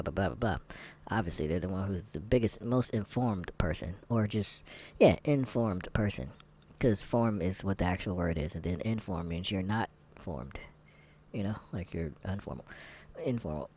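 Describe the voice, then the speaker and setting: A man's voice: deep voice, moderate pace, darkish tone, breathy edge. A man vlogging candid commentary while taking a test, rambling, sarcastic and muttering asides to himself.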